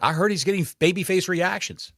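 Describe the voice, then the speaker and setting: A man co-hosting a wrestling podcast, trading excitable jokes in casual chat. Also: high-pitched, a little fast, no room sound, clean studio sound. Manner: excitable, joking banter. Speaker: podcast co-host.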